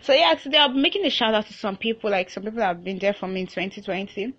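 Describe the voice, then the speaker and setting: A young woman with a Nigerian accent hosts her own casual podcast, chatting loosely, restarting often and laughing between thoughts. Her mid-range voice moves at a quick pace, with a fairly bright tone and a breathy edge. The highs are cut off.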